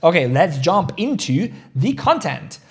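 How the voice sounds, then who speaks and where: A man's voice: on the high side, sing-song, a little slow, slightly rough. A man hosting a casual crypto trading livestream, talking energetically and reading out chat comments. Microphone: desk mic, studio chair creaking.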